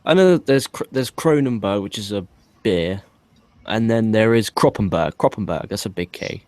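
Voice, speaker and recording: A man's voice: on the low side, animated, moderate pace, a little mellow, no echo. A British man co-hosting a casual chat, who makes brief reactions and wry remarks. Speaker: podcast co-host.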